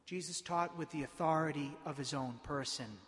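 A man serving as priest, reading the Gospel and preaching a homily with emphatic, slowly stressed phrases in a large church. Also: on the high side, a bit bright. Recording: reverberant church hall.

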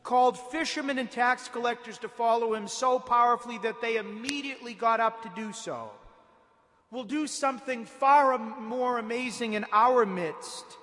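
High-voiced priest preaching in an echoing church. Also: male voice, sharp tone. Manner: emphatic preaching with slow stressed phrases. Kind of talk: Gospel reading and homily. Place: large church. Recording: reverberant church hall.

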